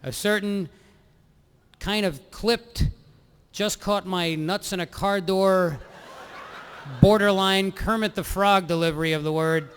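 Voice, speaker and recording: A brash male stand-up comic with a high, bright, sharp voice, working the crowd into a stage mic. He delivers quick, mocking asides and questions to the audience. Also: clean tone. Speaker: stand-up comedian. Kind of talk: live stand-up set with crowd work. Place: live show stage. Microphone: stage mic, soundboard feed.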